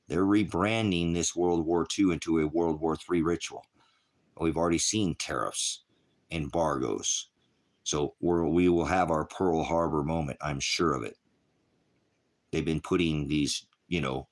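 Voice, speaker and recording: A middle-aged man, a pastor of an online ministry, giving a rambling, impassioned casual sermon. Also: low voice. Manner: rambling and impassioned, mocks with put-on voices.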